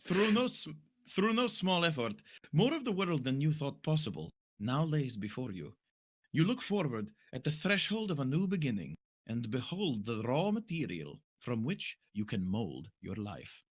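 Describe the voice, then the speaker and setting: A man voicing a mysterious female fortune teller reading tarot cards, slow and portentous. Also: medium pitch, sing-song, breathy edge, voice pushed up. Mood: solemn. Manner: slow, solemn, portentous delivery.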